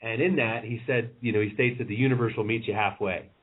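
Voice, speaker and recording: A man who is a guest on a podcast, thinking aloud in a halting, musing way with many restarts. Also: on the low side, steady tone, husky. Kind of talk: casual conversation. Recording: tinny phone-line call.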